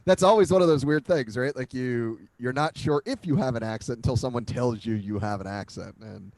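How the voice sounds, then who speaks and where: A man's voice: mid-range voice, brisk, no echo. A man from Philadelphia hosting a podcast, chatting casually, joking and laughing often. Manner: animated, jokey, laughs often. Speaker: podcast host. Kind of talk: casual chat interview.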